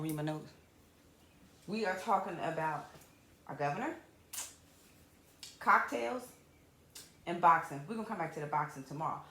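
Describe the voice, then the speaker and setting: A woman talk show host and comedian, chatting loudly and rambling. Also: on the low side, roomy sound, a little hiss or hum. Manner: loud, animated, chatty and rambling. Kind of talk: casual talk show chat.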